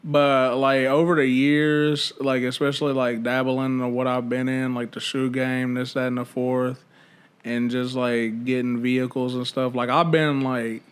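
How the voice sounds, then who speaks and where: A man's voice: mid-range voice, little pitch movement, normal speed, clear, resonant tone. A young man co-hosting a podcast, chatting casually and telling rambling stories full of slang and fillers. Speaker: podcast co-host. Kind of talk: casual chat.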